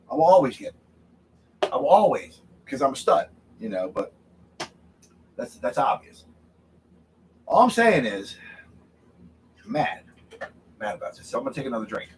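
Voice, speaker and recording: With a medium-pitched, sing-song voice, a man speaks at a moderate pace with long pauses on a low-quality recording with slight background noise. He's a livestream host ranting angrily and repetitively on a drinking show from his home studio, tagging points with "okay?".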